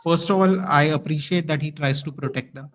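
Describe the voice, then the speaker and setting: Male podcast guest, fired-up casual rant, slightly higher voice. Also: brisk, poor audio. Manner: animated ranting. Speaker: guest fan commentator.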